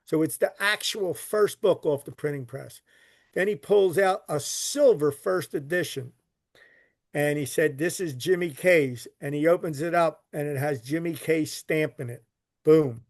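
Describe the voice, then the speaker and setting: Speaking at a measured pace in a slightly high voice, this man is a Philadelphia podcast guest and recovery literature collector. He rambles through a lengthy story, repeating himself and cursing casually. The recording is dry and studio quality.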